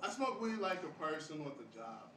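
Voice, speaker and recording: Young male stand-up, loose and rambly, higher voice, distant mic in a noisy echoing café. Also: sing-song, brisk. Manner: rambling, filler-heavy delivery with frequent laughs at his own jokes. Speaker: stand-up comedian. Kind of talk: stand-up comedy set at an open mic. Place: small café open mic. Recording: roomy live café sound from a distant mic with audience noise.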